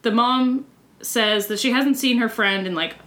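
A woman's voice: fairly high pitch, a little slow, a bit bright, slight background noise. A woman co-hosting a podcast, chatting casually and sarcastically about a TV episode, swearing and acting out quotes. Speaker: podcast co-host. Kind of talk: casual chat recapping a TV episode.

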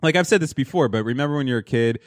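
Man, quick opinionated chatter, mid-pitched, dry close mic. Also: animated, no echo. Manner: fast, opinionated, swears casually. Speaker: podcast co-host. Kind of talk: casual chat.

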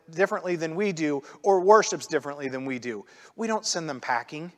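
A man preaching a sermon in a casual, conversational way, often dropping into little acted-out voices. His voice sits high for a man. Long reverb trails after each phrase, as in a hall. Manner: conversational, animated, acts out quoted voices. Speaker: pastor.

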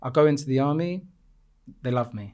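A man who rambles through a casual chat, losing his thread and restarting. He drifts between English and Greek, and his voice sits at an ordinary middle pitch. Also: fast, darkish tone. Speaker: video maker.

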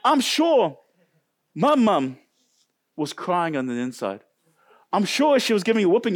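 A New Zealand man preaching at a church service, his voice sitting high and bouncing all over the place. He jokes with the congregation and quizzes them as he goes, animated and warm-hearted. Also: a little slow, pauses often. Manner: animated, jokey, talks to congregation. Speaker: pastor. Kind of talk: sermon.

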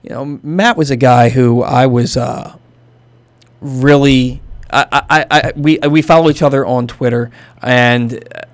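A man's voice: mid-range voice, steady tone, unhurried, no echo. Sports talk host guy, mid voice, dry studio sound, kinda rambly. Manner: loose, restarts a lot. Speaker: podcast host.

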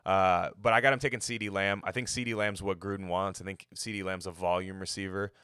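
A man's voice: low voice, fairly even intonation, brisk, pushed and bright, clean tone, dry recording, studio quality. A man giving loose, profane, opinionated football draft takes in a casual podcast ramble. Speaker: NFL mock draft podcaster. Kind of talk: casual sports talk.

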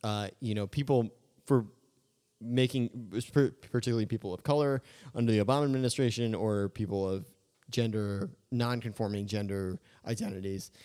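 A man co-hosting a casual comedic podcast, talking in an animated, jokey way and slipping into mocking voices. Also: on the low side, normal speed. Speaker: podcast co-host.

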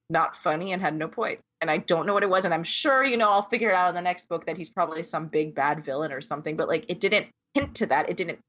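A woman's voice: on the low side, a bit bright. A woman chatting casually about books, ranting with lots of fillers and exasperation. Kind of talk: casual book discussion. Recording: dull lo-fi sound.

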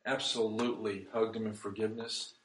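A pastor preaching a sermon, swinging between loud emphasis and hushed, soft passages. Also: male voice, lowish voice, flat delivery, fairly quick, echoey room, slight background noise, rough recording.

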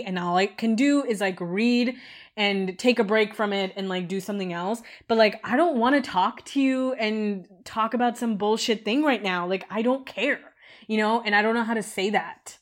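A woman's voice: mid-range voice, moderate pace. A woman co-hosting a podcast, talking casually with lots of fillers and a frustrated edge. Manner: rambling, frequent "like" fillers, frustrated. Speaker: podcast co-host.

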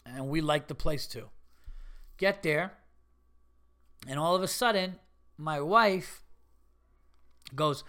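Guy ranting on his podcast, casual storytelling, swears a lot, gets worked up and loud then chills back down. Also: on the high side, takes it slowly, long pauses. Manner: animated, swearing, rising to indignant bursts. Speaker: podcast host.

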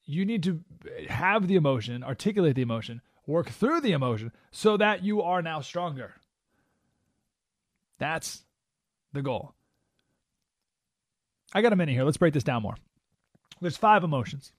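Animated male radio host, dry studio sound. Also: on the high side, normal speed, pauses often, no echo. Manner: animated, emphatic, preachy with acted-out quotes. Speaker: radio talk show host. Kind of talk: opinionated radio monologue.

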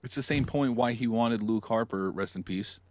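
A man's voice: medium pitch, moderate pace, no room sound. A man co-hosting a podcast in casual chat, dropping wry, blunt interjections. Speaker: podcast co-host.

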